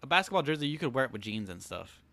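A man's voice: medium pitch, very animated, rapid-fire, creaky, bright, forceful tone, no room sound. A man co-hosting a casual anime review chat, rambling with many fillers and laughing easily. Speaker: podcast co-host.

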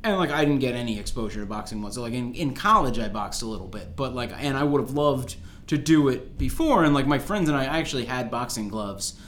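A man's voice: medium pitch, expressive, quick pace, hardly any pauses, a bit bright, a little hiss or hum. A young American man hosting a podcast, chatting casually and telling jokey stories with many "like"s and restarts. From United States. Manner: rambling, filler-heavy, jokey storytelling. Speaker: podcast host.

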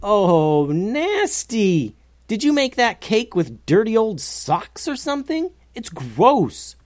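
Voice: medium pitch, very animated, normal speed, a little mellow, breathy edge, no room sound, studio quality. A storyteller voicing a young male ninja with a blunt, wry way of speaking. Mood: disgusted.

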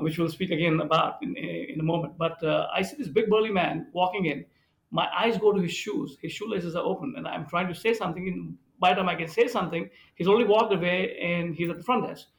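A man, a hotel managing director, telling lively stories in a podcast conversation and acting out the people he quotes. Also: a little high, gravelly, low-quality recording. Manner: animated storyteller, acts out quoted voices.

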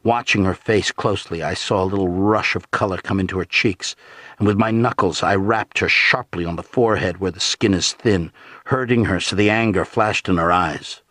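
A man with a husky voice, narrating an audiobook in a low, grave, hushed tone. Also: moderate pace, no room sound, studio quality.

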